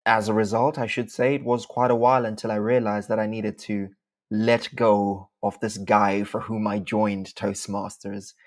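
In an interview, a Zimbabwean speech contest champion gives measured, articulate replies phrased formally. His voice is lowish and his delivery flat.

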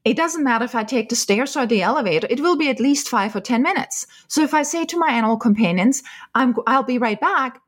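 A woman's voice: fairly high pitch, lively intonation, fast. A woman guest in an interview, patiently explaining her ideas with everyday examples. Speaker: animal communicator guest.

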